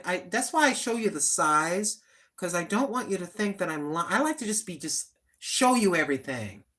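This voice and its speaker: A woman's voice: on the low side, fairly bright tone. An older woman, a senior citizen, talking in a plain-spoken, chatty and earnest way on her own livestream. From United States. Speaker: vlogger. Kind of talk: casual livestream chat.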